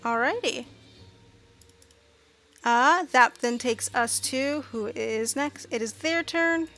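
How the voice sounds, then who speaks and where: A woman with a high, bright voice narrates a tabletop game as its game master. She talks chattily and trails off into fillers, with faint music behind her. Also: slow.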